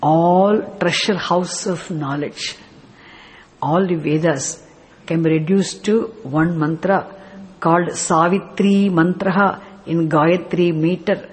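A man's voice: on the high side, steady tone, slow pace. A man teaching a scripture class, explaining step by step with rhetorical questions and chanting verses. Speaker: spiritual teacher.

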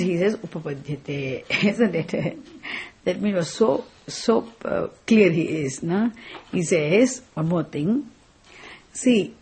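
A woman lecturing on scripture, reading Sanskrit verses slowly and explaining them in English. She speaks in an unhurried, deliberate way. Her voice is slightly husky, and she keeps checking with her students whether they follow. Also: medium pitch, a little mellow. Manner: explains by repeating phrases, asks the class "isn't it?"; reads Sanskrit verses slowly, chanting each word. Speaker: Vedanta teacher.

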